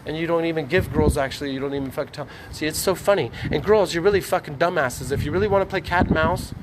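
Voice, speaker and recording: A man ranting in a rambling, profane, preachy vlog monologue, talking excitedly to his phone camera. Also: on the high side, fast, background noise. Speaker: vlogger. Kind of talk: rambling selfie-video monologue. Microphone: phone on a tripod.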